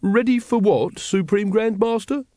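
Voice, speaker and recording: A man voicing a meek male cult member who whines in a high, timid voice. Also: a little slow, warm tone, no room sound, clean studio sound. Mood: whiny. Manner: whining, timid.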